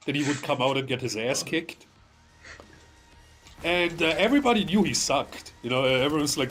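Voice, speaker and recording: A man's voice: fairly high pitch, expressive, moderate pace, fairly bright tone. A man chatting casually on a podcast, rambling through a long story with plenty of fillers, stammers and swearing. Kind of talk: casual chat.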